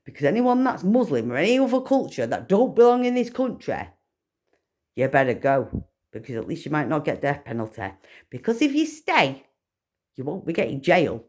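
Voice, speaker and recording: A woman's voice: sits low, very animated, moderate pace. Furious ranting woman. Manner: furious, swearing, bursts of shouting. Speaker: vlogger. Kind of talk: angry rant to camera.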